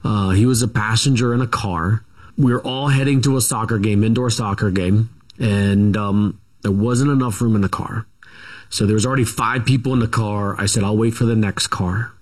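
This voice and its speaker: A man's voice: fairly low pitch, steady tone, moderate pace. A middle-aged man, a guest author in an interview, recounts his family history casually, with many fillers, restarts and self-corrections.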